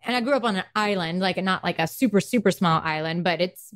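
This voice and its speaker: A woman's voice: fairly low pitch, fast. Woman, South Carolina accent, chatty, laughing, podcast co-host. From South Carolina, USA. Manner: chatty, laughing, animated storyteller. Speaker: podcast co-host, dental hygienist. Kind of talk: casual chat.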